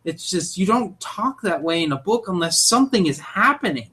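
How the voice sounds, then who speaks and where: A man's voice: sits high, moderate pace, slightly rough. Opinionated young man on a podcast. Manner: animated, opinionated, jumps into loud mock voices. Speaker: podcast co-host. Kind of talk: casual podcast chat.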